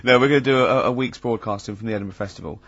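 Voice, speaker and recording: A man's voice: fairly low pitch, racing, a bit bright, slightly rough, no echo. A man hosting a radio show, telling stories animatedly and laughing often. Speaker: radio host. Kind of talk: radio banter. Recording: dull lo-fi radio recording.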